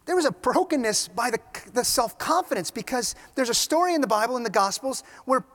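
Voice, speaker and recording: A man preaching a sermon, retelling scenes with animated storytelling and casual asides. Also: very high-pitched, fairly quick. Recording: reverberant hall.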